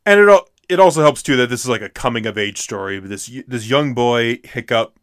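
A man's voice: mid-range voice, expressive, a little fast, a bit bright, no echo, clean studio sound. A young man co-hosting a podcast, rambling casually and leaning on filler words. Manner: rambling, heavy use of "like". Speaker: podcast co-host. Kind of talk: casual chat.

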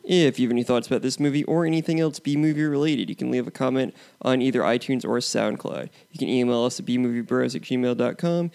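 Male podcast co-host, fry-tinged mid voice, steady reader of notes and plugs. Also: mid-range voice, fast, few pauses. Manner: steady, reads prepared points and plugs. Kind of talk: casual movie review chat.

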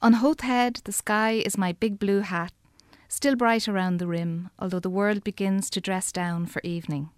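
A woman's voice: mid-range voice, fairly even intonation, normal speed, clean tone, faint music behind. Irish woman reading her poem. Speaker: poet. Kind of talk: poetry reading.

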